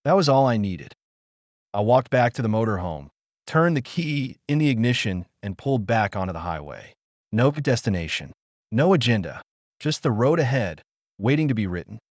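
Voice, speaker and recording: A middle-aged man narrating a scripted first-person story in a measured, reflective way. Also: mid-range voice, very animated, darkish tone, no room sound, clean studio sound.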